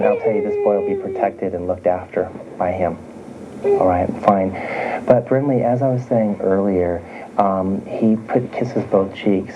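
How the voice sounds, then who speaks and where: Low-voiced man giving a spirit reading. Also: muffled recording, noisy background. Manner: keeps checking in with "okay?"; halting, with many fillers and restarts. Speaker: psychic medium. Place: home room with small children nearby.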